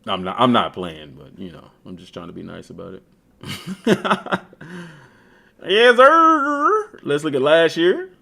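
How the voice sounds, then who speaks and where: Browsing a game on stream, a man chats casually and trash-talks with animated slang. His voice sits low and creaky, fairly quick, with hardly any pauses.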